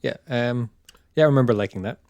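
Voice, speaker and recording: A man's voice: medium pitch, fast, a little mellow, dry recording. An Irish man co-hosting a podcast in casual chat, dropping dry teasing quips. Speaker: podcast co-host.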